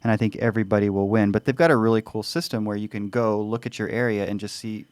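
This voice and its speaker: A man co-hosts a podcast in an easygoing way, with a dry sense of humor. His voice is somewhat low. The studio sound is close and dry. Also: steady tone, quick pace, a little mellow, clear, resonant tone, no echo. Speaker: podcast co-host. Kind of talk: casual podcast chat.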